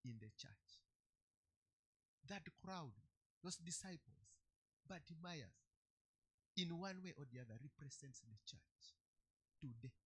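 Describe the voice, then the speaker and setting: A man preaching a sermon, emphatic, repeating key phrases and swinging between loud and soft. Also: a little high, animated, slow pace, long pauses, husky.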